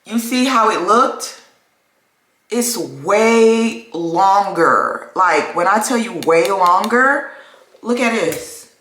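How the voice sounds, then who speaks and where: A woman's voice: medium pitch, expressive, slow, fairly bright tone. A young woman ranting expressively in a casual vlog, swearing and repeating herself. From United States. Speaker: vlogger. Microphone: camera mic. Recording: very echoey room.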